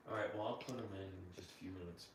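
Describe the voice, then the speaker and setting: Low-voiced dad in an echoey room. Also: male voice, very fast, slight background noise. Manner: asks one question after another. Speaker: streamer's father. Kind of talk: casual family talk. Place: at home. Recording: echoey room, away from the mic.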